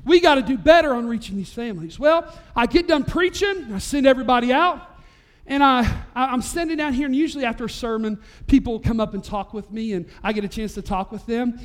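A man, preaching a sermon as pastor and telling a story in an animated way, his voice rising to near-shouts at the high points. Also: brisk, few pauses. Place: church sanctuary.

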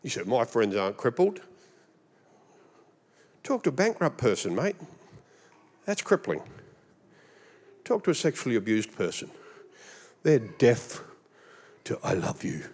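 Animated Australian male preacher. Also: medium pitch, measured pace, pauses often, husky, big-room sound. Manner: animated, humorous preaching with mimicked voices. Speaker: pastor. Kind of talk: sermon.

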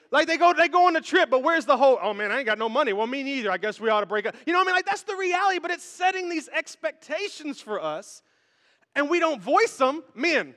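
A man preaching a sermon, animated and talking straight to the congregation in a large church. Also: very high-pitched, in a large hall. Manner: animated storytelling, direct address to the congregation. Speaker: pastor.

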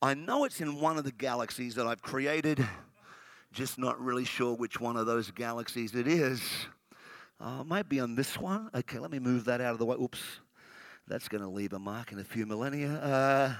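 A man voicing God as a calm, puzzled, offhand almighty figure. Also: mid-range voice, normal speed, no room sound, pitched below the performer's own voice, close to an everyday voice. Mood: bemused. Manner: casual, slightly puzzled, offhand. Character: bemused almighty male God, calm and unhurried.

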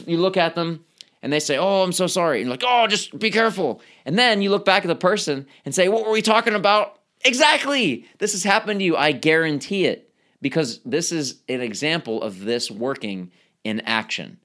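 Animated male pharmacist podcast host. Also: mid-range voice. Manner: animated, acts out quoted voices; coaching, speaks straight to the listener. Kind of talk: motivational podcast talk.

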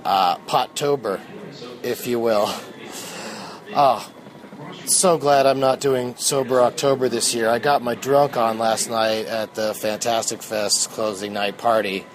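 A man's voice: mid-range voice, steady tone, unhurried. A man hosting a casual solo podcast from an airport terminal, talking in a dry, offhand, joking way while sitting in a massage chair. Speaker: podcast host. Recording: noisy airport background. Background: airport ambience.

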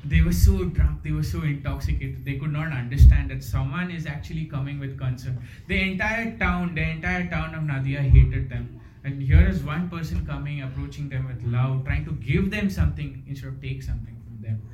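Speaking at normal speed with few pauses, this devotional storyteller has a slightly high, somewhat mellow voice. He's earnest and leans on rhetorical questions and "you know," and the echoey hall adds faint noise.

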